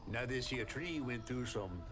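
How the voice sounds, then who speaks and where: An actor playing a folksy old male catfish with a Southern drawl, heard as video game audio over clear music. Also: mid-range voice, animated, unhurried, close to an everyday voice. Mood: explaining. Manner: drawling, folksy, patient explainer.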